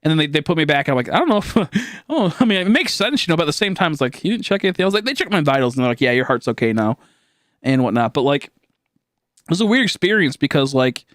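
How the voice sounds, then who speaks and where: A man livestreaming a game and telling a story at a loose, rambling pace. His voice sits a little higher than most men's. The sound is dry and close, and he swears freely and breaks into laughter often. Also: very animated, fast, a bit bright, no echo. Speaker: streamer.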